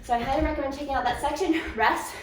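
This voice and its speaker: Her high voice moves at a quick pace as this fitness instructor guides a home workout for viewers to follow. Between cues and countdowns she offers encouragement and laughs, occasionally sounding a bit winded. Faint noise, a distant mic, and a very echoey room mark the recording.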